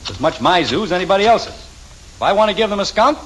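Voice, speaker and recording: A flustered sitcom dad. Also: male voice, sits high, sing-song, fast talker, background noise. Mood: indignant. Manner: exasperated, sputtering. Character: flustered middle-aged family father. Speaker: father in radio sitcom. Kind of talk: 1950s radio sitcom acting.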